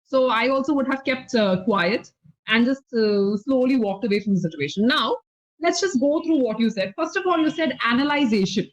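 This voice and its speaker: A woman's voice: a little high, expressive, moderate pace. A woman with an Indian English accent teaching spoken English in an online lesson, patient and explanatory, often checking that the learner follows. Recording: slightly dull lo-fi audio.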